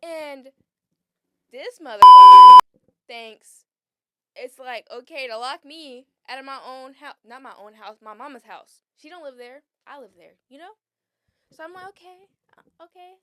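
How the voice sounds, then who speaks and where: A young woman co-hosting a casual chat podcast, telling a story with animated acted-out quotes and plenty of swearing. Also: on the high side, no echo, clean studio sound. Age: young adult. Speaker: podcast co-host.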